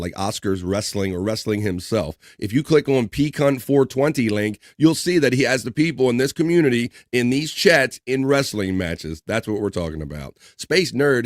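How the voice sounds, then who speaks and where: A man hosting a casual livestream, reading out viewer comments with loose, joking shout-outs and easy laughs. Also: on the low side, dry recording, clean studio sound. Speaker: livestream host.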